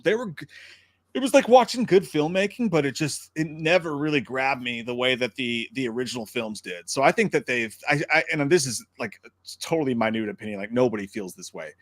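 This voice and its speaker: A man's voice: mid-range voice, dry recording. A man co-hosting a casual live movie chat stream, swearing freely and reading viewer comments. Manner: animated, swearing, breaks into loud put-on movie-star impressions. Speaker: podcast co-host.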